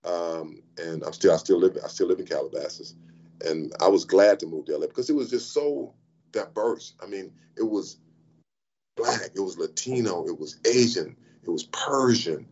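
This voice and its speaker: A man in his sixties telling stories as an interview guest, animated, with frequent restarts and repeated "I mean". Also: low voice, normal speed, dull audio. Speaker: interview guest, former pro athlete. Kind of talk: animated storytelling in conversation.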